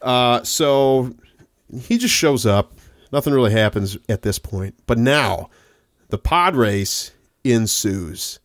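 Male podcast co-host, casual, laughing, mid pitch, dry sound. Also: expressive, takes it slowly, no room sound. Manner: laid-back, laughing, slangy. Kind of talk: casual chat.

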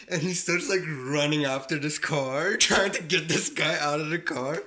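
A man's voice: fairly high pitch, slow pace, bright, forceful tone. A man telling a long anecdote on a podcast, filling almost every phrase with "like" and acting out what his family said. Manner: rambling storyteller, says "like" constantly, acts out family voices. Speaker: podcast guest. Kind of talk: casual storytelling.

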